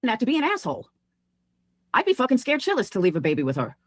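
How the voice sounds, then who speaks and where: Blunt woman commentator, lively pitch. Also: fast talker, dry recording. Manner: blunt, judgmental. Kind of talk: casual opinion commentary.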